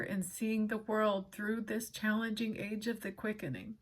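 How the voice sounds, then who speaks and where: A woman hosting her channel, reading a book aloud with casual personal asides. She is earnest and emotional and pauses often to apologize. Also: mid-range voice, steady tone.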